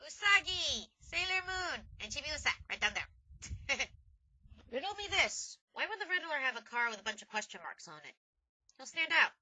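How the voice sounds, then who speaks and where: A woman's voice: high-pitched, very animated, normal speed, sharp tone, no echo, poor audio. Woman vlogger, rambling and self-deprecating, dry close recording. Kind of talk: casual slideshow narration.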